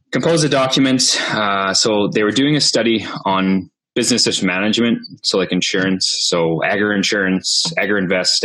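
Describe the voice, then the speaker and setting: A young man, a podcast guest telling a story in a lively way, often laughing and acting out what others said. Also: sits low. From Manitoba, Canada. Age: young adult. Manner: animated, laughs often, acts out quoted voices. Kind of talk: casual storytelling.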